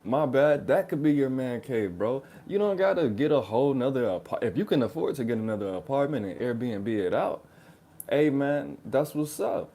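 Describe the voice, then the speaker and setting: A man's voice: mid-range voice, moderate pace. A man hosting a reaction video, giving slangy, sarcastic relationship advice and calling the listener "bro.". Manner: slangy, ranting, keeps saying "bro"; animated, sarcastic mocking. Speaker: reaction channel host.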